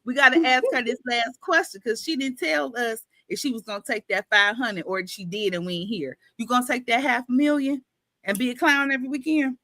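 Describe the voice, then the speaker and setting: A woman's voice: fairly high pitch, fairly even intonation, a little fast, bright, forceful tone, dry recording. A woman with a New York accent hosting a live book club interview, playful and teasing, full of slang. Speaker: host.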